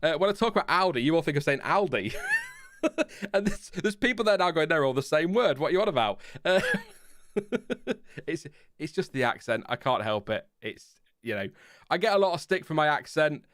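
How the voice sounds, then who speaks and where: A man's voice: fairly high pitch, expressive, normal speed, pauses often, fairly bright tone, no room sound, studio quality. A man with a Lincolnshire accent hosting a casual live F1 chat stream, rambling and restarting his sentences, chuckling at his own tangents. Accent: Lincolnshire English. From Lincolnshire, England. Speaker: F1 channel host.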